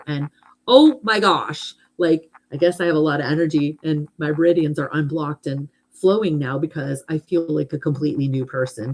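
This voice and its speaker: Wanita yang ramah dan suka mengobrol. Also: female voice, lowish voice, breathy edge, poor audio. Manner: chatty, animated, many fillers. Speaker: host, hypnotherapist. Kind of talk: casual chat about affirmations.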